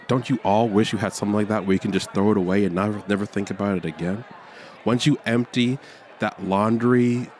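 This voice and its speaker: A man's voice: fairly low pitch, darkish tone. A man doing a rambling, mock-somber stand-up set, sighing between lines. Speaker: stand-up comedian. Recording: faint crowd and street noise.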